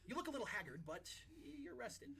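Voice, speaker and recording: A man narrating a tabletop game as game master, in an animated way, often laughing. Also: very high voice, brisk, vocal fry, background noise.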